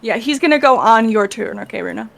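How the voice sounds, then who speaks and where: A woman acting as game master, giving brisk, practical instructions in a casual session. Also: a little high, animated, vocal fry, fairly bright tone. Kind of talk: running a tabletop game.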